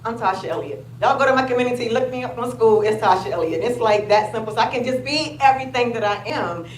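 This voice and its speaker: A high-voiced woman talks from the floor of a large event room, her voice bouncing in the echoey space over steady crowd ambience. She is animated and emotional, swinging between loud excitement and soft, heartfelt speech. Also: fast talker, slight background noise. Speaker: attendee asking a question. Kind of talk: emotional, chatty sharing at a live event.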